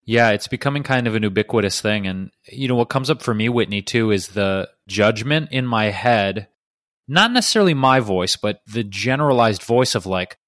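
A man's voice: on the low side, animated, moderate pace, a bit bright, no echo, studio quality. A man co-hosting a podcast in casual chat, making long, earnest, rambling points. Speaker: podcast co-host.

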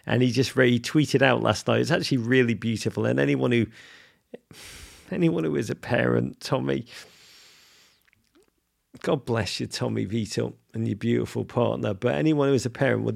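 A man's voice: medium pitch, moderate pace, creaky. A man with an English accent co-hosting a casual podcast, effusive and rambling, with many restarts. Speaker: podcast co-host.

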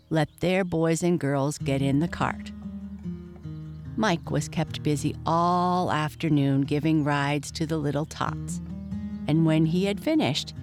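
Low-voiced woman reading a storybook. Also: a little mellow. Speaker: narrator. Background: faint guitar music.

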